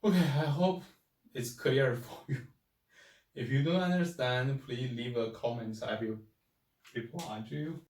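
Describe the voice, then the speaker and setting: A man's voice: mid-range voice, measured pace, pauses often, darkish tone, reverberant, recorded from a distance, low-quality recording. A man teaching pronunciation, patiently repeating each syllable several times. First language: Chinese. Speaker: Chinese language teacher. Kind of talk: slow spoken language lesson.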